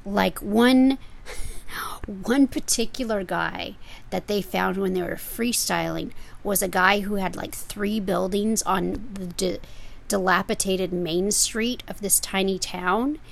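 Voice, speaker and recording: Relaxed-paced woman host, chatty storyteller. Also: medium pitch, takes it slowly, vocal fry. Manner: storytelling, animated. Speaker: podcast co-host. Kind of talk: casual chat.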